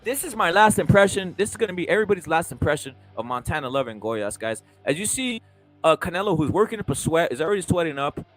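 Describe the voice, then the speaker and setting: A man hosting a casual live boxing reaction stream, talking loosely with profanity and excited banter. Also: on the high side, fast, soft background music. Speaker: host.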